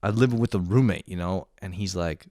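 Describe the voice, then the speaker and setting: A man's voice: sits low, brisk, no room sound, studio quality. A young man ranting comedically, swearing a lot and laughing often. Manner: profane, animated, laughs often. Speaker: host. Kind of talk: comedic monologue rant.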